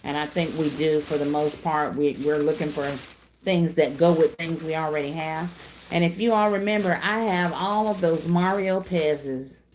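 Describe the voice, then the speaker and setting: Middle-aged woman host, folksy and chatty, slightly low voice, faint hiss underneath. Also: normal speed, darkish tone. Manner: chatty, folksy, calls viewers y'all and darling. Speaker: craft channel host. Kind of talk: casual livestream chat reading comments.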